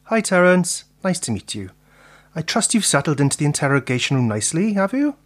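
A woman's voice: low voice, sing-song, fairly quick. A woman voicing Bobby, a cheerful, obliging male detective who fetches the drinks. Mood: breezy.

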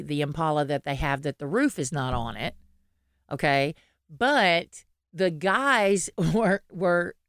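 A woman's voice: low voice, smooth, dry recording, studio quality. A woman, co-hosting a podcast in casual, rambling chat, laughing often and restarting her sentences. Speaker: podcast co-host.

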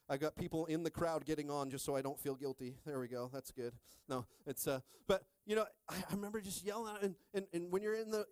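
A middle-aged male pastor preaching a sermon with animated call-and-response, shifting between hushed talk and shouts. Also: on the high side, no echo.

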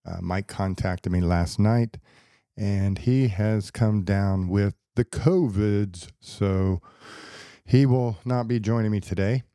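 A man hosting a podcast alone as a psychologist, explaining ideas step by step in a steady, lecturing way. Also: on the low side, slow pace, no room sound, clean studio sound. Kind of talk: casual solo podcast talk. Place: podcast studio.

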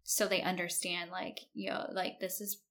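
Female co-host, military spouse, crisp, bright tone, casual and talkative. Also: lowish voice, little pitch movement, normal speed. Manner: chatty, with many "like"s, often laughing. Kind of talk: casual chat.

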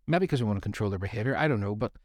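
A man's voice: fairly low pitch, expressive, rapid-fire, no echo, clean studio sound. A middle-aged man co-hosting a faith study series, talking in a rambling, jokey way with self-deprecating asides. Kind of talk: casual faith discussion.

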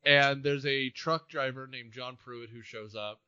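A man co-hosting a casual movie-review podcast, animated, laughing often and acting out lines from films. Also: medium pitch, measured pace, clean tone, no echo, lo-fi sound. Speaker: podcast co-host.

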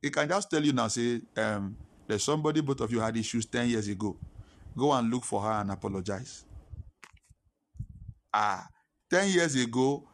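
A man preaching a sermon, telling a personal story and swinging between hushed and emphatic delivery. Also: mid-range voice, brisk.

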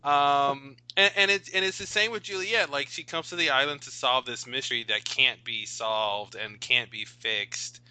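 A man's voice: mid-range voice, moderate pace, hardly any pauses, bright, forceful tone, clear, resonant tone, no echo, rough recording. A man co-hosting a casual podcast, talking through ideas thoughtfully with a rambling flow and many fillers. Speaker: podcast co-host.

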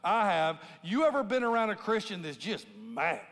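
A lead pastor with a high, sing-song, slightly bright voice talks at normal speed with hardly any pauses. Preaching to a congregation in a big church auditorium, he stays conversational, often asks "right?", and performs scripture in a raised voice. The recording has long hall reverb from the large room.

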